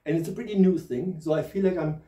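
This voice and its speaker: A man with a German accent hosts a chatty, jokey tarot reading, laughing at himself, with a slight lisp from new dentures. His voice sits high and mellow, and he talks fast. The audio is poor, recorded far from the mic in an echoey room.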